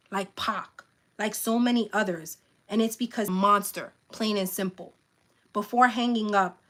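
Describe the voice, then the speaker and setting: A woman hosting a live stream, reading a memoir aloud with frequent stumbles and self-corrections, pausing to plead with her viewers. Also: mid-range voice, a bit bright. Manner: earnest pleas to viewers, frequent "um". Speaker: channel host reading a book aloud.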